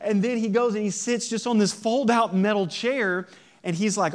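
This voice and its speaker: A man's voice: sits high, brisk. A man in his thirties, a pastor, giving a sermon and telling a funny family story with laughter. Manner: lively storytelling, laughs often, acts out voices.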